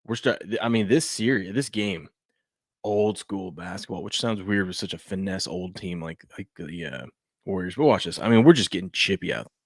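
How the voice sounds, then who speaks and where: Casual low-voiced man hosting sports talk. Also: moderate pace, dry recording. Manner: rambling, repeats himself, frequent restarts and fillers. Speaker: sports show host.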